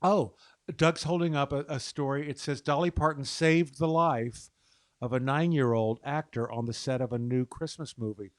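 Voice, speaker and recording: A man from Texas hosting his own show, chatting casually between songs in an effusive, gushing way with lots of soft hesitations. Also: medium pitch, fairly even intonation, normal speed, no echo. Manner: soft-spoken with frequent hesitations. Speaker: show host and singer.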